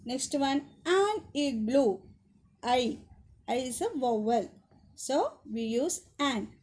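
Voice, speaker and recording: Woman, teacher, high voice, slow deliberate delivery, repeats answers. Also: lively intonation, a little mellow. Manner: slow, repetitive, spells out each rule. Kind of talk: classroom grammar lesson.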